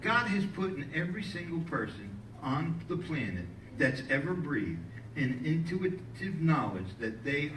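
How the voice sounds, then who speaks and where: A male pastor preaching a sermon in a church, lively and joking with the congregation between points. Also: on the high side, slight background noise. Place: church sanctuary. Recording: echoey hall, mic at a distance, faint ambience.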